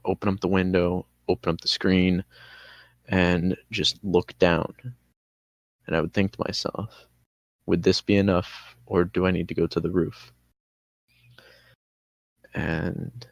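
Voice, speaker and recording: Man, podcast guest, deep gravelly voice, flat and slow, dry close sound, halting story. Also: no room sound, highs cut off. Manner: halting, restarts often, candid with swearing. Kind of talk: personal story in casual conversation.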